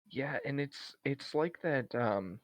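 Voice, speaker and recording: A man's voice: medium pitch, expressive, takes it slowly, no room sound. A man co-hosting a podcast, casually retelling a story with lots of fillers and restarts. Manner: rambling retelling with many fillers. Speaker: podcast co-host. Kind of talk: casual chat.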